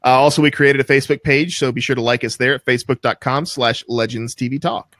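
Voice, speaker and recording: A man's voice: medium pitch, fairly even intonation, quick pace, a bit bright, no room sound. Male talk show host, loose and jokey, dry close sound. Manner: loose and joking, laughs often. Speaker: podcast host. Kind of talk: casual call-in show chat.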